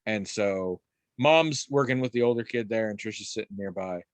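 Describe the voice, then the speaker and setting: An adult man on a podcast in casual chat, telling stories in a rambling, animated way with restarts and the odd swear. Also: on the low side, moderate pace, no echo. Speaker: podcast co-host.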